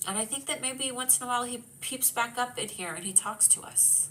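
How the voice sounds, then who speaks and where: A woman's voice: a little high, quick pace, hardly any pauses, pushed and bright, slight background noise, rough recording. A woman hosting a live stream, chatting casually and joking with her chat, her voice whiny from a stuffed-up nose. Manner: chatty, jokey, reads chat aloud. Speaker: livestream host.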